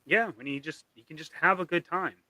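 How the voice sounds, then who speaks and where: A man's voice: a little high, brisk, bright, forceful tone, no echo. A man hosting a live stream in casual chat, enthusiastic, jokey and profane.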